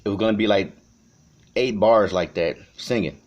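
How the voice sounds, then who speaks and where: A man from Chicago talking to the camera in an unscripted vlog. He rambles and swears, swinging between shouting and quiet reflection. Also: on the low side, moderate pace. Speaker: vlogger. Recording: dull lo-fi recording.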